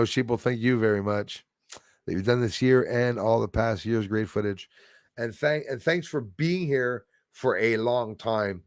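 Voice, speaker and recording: A man's voice: mid-range voice, no echo, studio quality. A man hosting a casual live stream chat, rambling and hesitant with many fillers and restarts.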